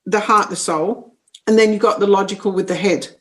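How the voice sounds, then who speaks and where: A woman's voice: medium pitch, fairly even intonation, fairly quick. A woman guest on an interview, a psychic medium who speaks bluntly and firmly and explains steadily in everyday phrases. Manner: blunt and firm. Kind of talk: interview conversation.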